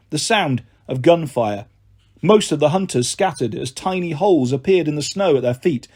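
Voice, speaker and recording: A man narrating a fantasy novel in an expressive storytelling voice. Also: a little high, breathy edge. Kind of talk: audiobook narration.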